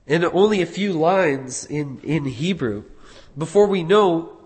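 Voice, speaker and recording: A man with a fairly high voice talks through a scripture passage like a teacher, measured and explanatory, now and then stumbling over a word and restarting. His voice carries a long reverb tail, as if he is in a large, echoing room. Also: animated, breathy edge. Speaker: Bible teacher. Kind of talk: explanatory Bible study talk.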